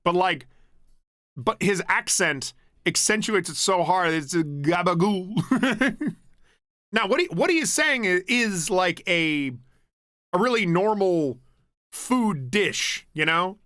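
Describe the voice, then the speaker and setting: A young man with a bright, forceful voice talks loosely on a home stream, rambling from one thought to the next. He laughs a lot and swears without a second thought. The sound is dry and close, with no room around it. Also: high-pitched, expressive, takes it slowly, pauses often, no echo. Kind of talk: casual chat.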